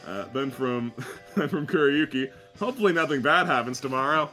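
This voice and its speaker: A man hosting a stream, casually reading out fan art shout-outs, laughing often and thanking fans. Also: mid-range voice, expressive, brisk, music in the background.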